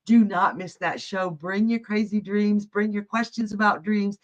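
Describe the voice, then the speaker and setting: A woman's voice: medium pitch, steady tone, unhurried. A woman hosting a live psychic reading stream, talking in a chatty, folksy way and calling viewers honey and love. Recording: dull lo-fi stream audio.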